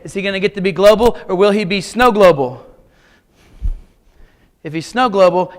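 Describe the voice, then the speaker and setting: A man in his fifties delivers a humorous keynote in a high voice. He tells wry, self-mocking stories in punchy short lines, the way a teacher holds a crowd. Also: smooth. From Kansas. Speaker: keynote speaker, art teacher.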